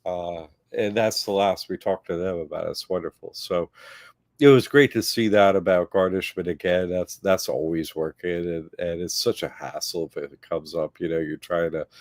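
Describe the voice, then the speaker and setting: A man co-hosting a casual livestream chat, telling stories with lively quoted voices and laughs. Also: low-pitched, no room sound, studio quality. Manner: animated storytelling, acting out quoted voices with laughs. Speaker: co-host.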